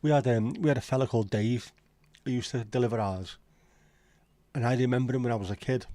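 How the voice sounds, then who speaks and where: Man, liverpool accent, warm mellow tone, dry close sound, sweary rambling chat. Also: mid-range voice, fairly quick, no room sound. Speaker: livestream host. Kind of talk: casual chat.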